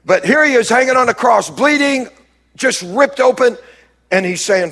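A man preaching a sermon as a pastor, dropping low and quiet and then rising to emphatic, raised lines. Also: lively intonation, moderate pace.

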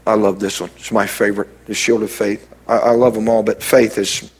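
A man preaching a sermon as a pastor, dropping low and quiet and then rising to emphatic, raised lines. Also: little pitch movement, fairly quick, breathy edge.

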